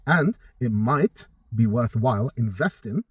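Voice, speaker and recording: Blunt, cursing trainer. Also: male voice, mid-range voice, lively intonation, a little slow, breathy edge, no room sound. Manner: blunt and profane, talks straight to viewers. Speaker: personal trainer. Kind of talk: casual direct-to-camera advice.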